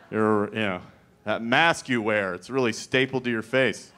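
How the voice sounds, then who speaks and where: A man's voice: fairly low pitch, normal speed, bright, forceful tone. A man doing a stand-up comedy set, talking in a rambling, conversational way that is wry and profane. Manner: rambling, conversational, filler-heavy.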